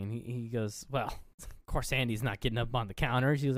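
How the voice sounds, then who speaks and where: A man's voice: mid-range voice, fairly even intonation, fast talker, hardly any pauses, smooth, no room sound, studio quality. A young man co-hosting a podcast, casually recapping a film and acting out the characters' lines, swearing freely. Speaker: podcast co-host. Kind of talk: casual movie recap chat.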